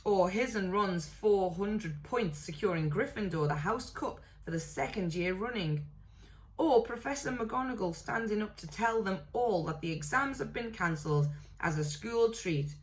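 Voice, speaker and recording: A woman reading a novel aloud in a steady way, now and then correcting a slip. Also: medium pitch, moderate pace. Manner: steady read-aloud with small self-corrections. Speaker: reader.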